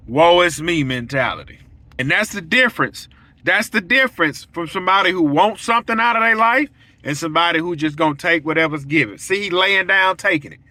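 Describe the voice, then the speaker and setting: On his own show, a welder tells a story straight to his viewers in a blunt, preachy monologue. His voice is high and sharp, and the recording quality is low.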